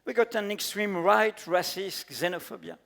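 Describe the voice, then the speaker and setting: A man's voice: high-pitched, fairly even intonation, creaky, fairly bright tone. French-accented man speaking in a hall. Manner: earnest, emphatic, halting non-native English with fillers. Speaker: panel speaker, editor-in-chief. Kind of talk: conference panel talk. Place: large conference hall. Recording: echoey conference hall.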